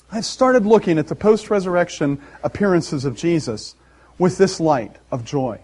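A man preaching a sermon, animated and laughing often, acting out the voices in the story. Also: a little high, moderate pace. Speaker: pastor.

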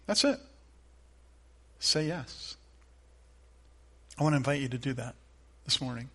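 A middle-aged man preaching a sermon as a pastor, earnest, moving from loud emphatic lines to soft, hushed ones. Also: medium pitch, lively intonation, measured pace, pauses often.

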